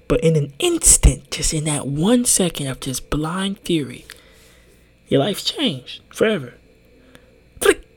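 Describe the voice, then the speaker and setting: Young male podcast co-host; casual, animated storyteller who swears freely. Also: a little high. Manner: animated, swears freely, laughs through stories.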